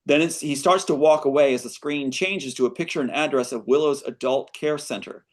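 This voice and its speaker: A man's voice: fairly high pitch, fairly quick. A screenwriter reading his screenplay aloud as a guest, breaking off with earnest asides.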